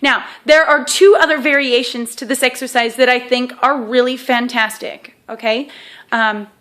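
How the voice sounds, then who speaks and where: A woman's voice: fairly high pitch, steady tone, moderate pace, a bit bright. A woman teaching a self-help exercise to camera in a casual, chatty way, often checking in with "okay?" and joking at her own expense. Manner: self-deprecating humor.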